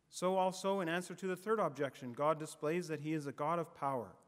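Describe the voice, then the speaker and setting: A man preaching a sermon in a measured, emphatic way, letting his phrases fall away at the ends. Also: on the high side, in a large hall.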